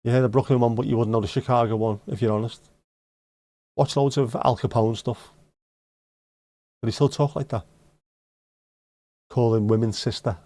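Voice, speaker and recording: A man with a Scouse accent chats to his livestream viewers, answering their comments in blunt, sweary banter laced with dry jokes. His voice sits at an ordinary middle pitch, recorded close and dry with no room sound. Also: steady tone, moderate pace, pauses often, warm tone, no echo. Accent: Liverpool (Scouse). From Liverpool, England. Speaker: livestream host. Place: home livestream setup.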